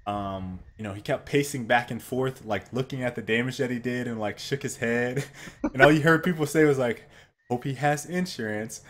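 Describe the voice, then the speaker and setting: A man's voice: mid-range voice, moderate pace, a bit bright. A man co-hosting a live gaming talk show, telling a story in casual chat, acting out quotes and swearing freely. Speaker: co-host.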